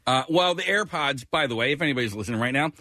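A man's voice: mid-range voice, animated, rapid-fire, pushed and bright, dry recording, studio quality. A man co-hosting a radio show, chatting in an easygoing, joking way. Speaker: radio co-host. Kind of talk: casual talk radio chat.

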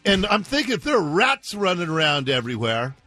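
Animated, lively-pitched male radio host. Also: fairly quick, dry recording, soft background music. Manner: animated, ranting, sarcastic. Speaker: radio talk show host. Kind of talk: opinionated radio talk. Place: radio studio.

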